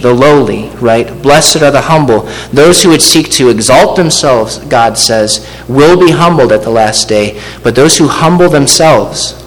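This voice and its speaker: Man preaching in a reverberant hall. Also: mid-range voice. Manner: measured, rhetorical asides to the congregation. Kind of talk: expository sermon. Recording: long hall reverb with faint hum.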